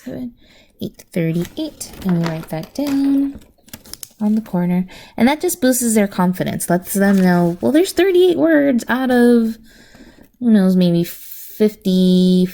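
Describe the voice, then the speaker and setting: Slow, gravelly-voiced woman teacher. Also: medium pitch, warm tone. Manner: slow, deliberate, explains step by step. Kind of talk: recorded teaching walkthrough.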